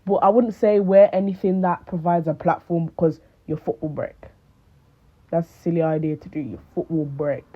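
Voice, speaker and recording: A woman's voice: on the low side, moderate pace. Chatty young woman, thin phone-like sound. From United Kingdom. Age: late teens. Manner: animated, rambling, lots of fillers. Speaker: vlogger. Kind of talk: casual chat to camera.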